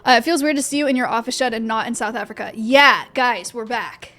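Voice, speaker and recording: A young woman with a fairly high, slightly bright voice talks a little fast while livestreaming from her home office. She's chatting casually with her stream chat, rambling along with plenty of fillers and restarts.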